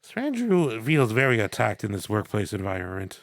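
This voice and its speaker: A man's voice: on the low side, wildly swooping pitch, moderate pace, slight background noise. A man co-hosting a podcast in casual banter, rambling and playful, often tripping over his words. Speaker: podcast co-host.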